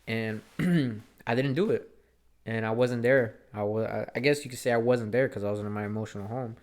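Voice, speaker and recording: A man's voice: mid-range voice, a little fast, a little mellow. Earnest rambling young man, casual swearing. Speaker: vlogger. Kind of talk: casual monologue.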